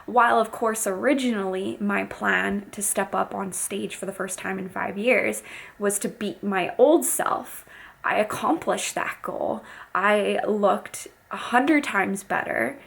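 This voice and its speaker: A bikini competitor and fitness coach vlogs about how her competition went, chatting openly and candidly to viewers with easy fillers. Her middle-range, medium-pitched voice has a gravelly, fry-tinged texture, a fairly bright tone, and a slightly slow pace.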